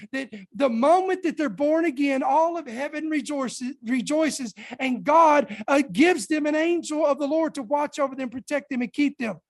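A woman preacher delivering a fervent sermon, calling out to her congregation for responses. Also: sits high.

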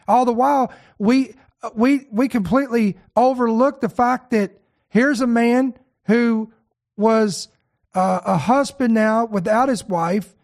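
A woman's voice: on the high side, slow pace, darkish tone. A woman co-host delivers an impassioned, preacher-like reflection on a faith talk show. She speaks with conviction and often breaks into scripture. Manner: fervent, quoting scripture. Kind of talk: preaching commentary.

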